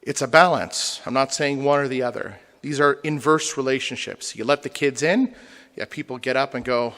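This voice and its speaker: A man's voice: medium pitch, normal speed, fairly bright tone. A man, a rabbi, lecturing a congregation with humor and rhetorical questions. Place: synagogue hall. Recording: long hall reverb.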